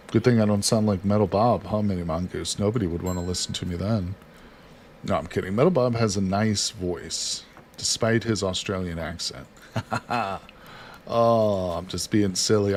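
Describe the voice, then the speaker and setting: A man with a lowish, darkish voice casually streams a survival card game, with slight noise in the background. As host, he keeps up a chatty commentary, reading chat aloud and talking himself through each action.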